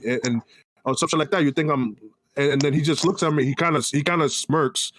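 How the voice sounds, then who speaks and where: A Dominican man in his thirties, a podcast co-host telling animated stories and swearing freely, slipping into Spanish. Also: a little high, fast talker. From Dominican Republic. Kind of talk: casual chat.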